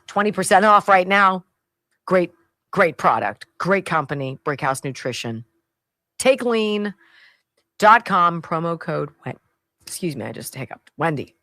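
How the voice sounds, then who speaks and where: A woman's voice: low-pitched, moderate pace, bright, forceful tone, dry recording. A woman hosting a talk radio show, giving sarcastic, emphatic commentary and reading ad spots with a hard sell.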